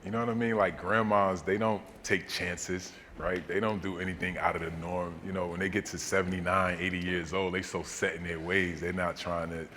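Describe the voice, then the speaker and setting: A man with a very low, bright-edged voice telling a personal story at a seminar in an easy, folksy way, dotted with fillers. The sound carries long reverb from the hall, with faint noise underneath. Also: a little fast, hardly any pauses. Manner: relaxed, folksy, many fillers. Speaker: interview guest, storyteller. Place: seminar hall in a large venue.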